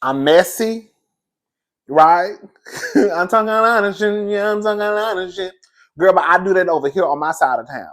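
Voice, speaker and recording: A man's voice: high-pitched, animated, normal speed, long pauses, fairly bright tone. A man hosting a celebrity gossip show, talking casually and chattily, laughing a lot and calling listeners girl and baby.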